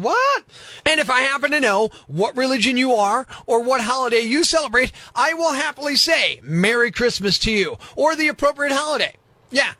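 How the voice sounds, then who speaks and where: High, bright-voiced male radio ranter. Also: no room sound. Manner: indignant, emphatic, sarcastic ranting. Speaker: radio morning show host. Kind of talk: scripted comedic radio rant.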